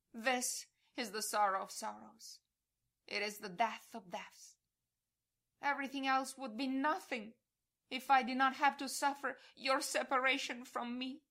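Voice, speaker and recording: Casting: woman voicing suffering Jesus on the cross, an anguished, slow, pleading outcry. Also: a little high, creaky, pushed and bright, exaggerated voice. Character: suffering Jesus crying out from the cross, grown man.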